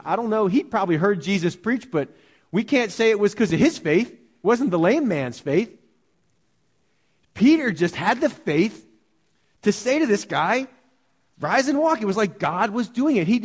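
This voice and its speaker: A man preaching a sermon, teaching verse by verse in a conversational way, asking rhetorical questions and slowing down to read scripture aloud. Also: high voice, expressive. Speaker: pastor.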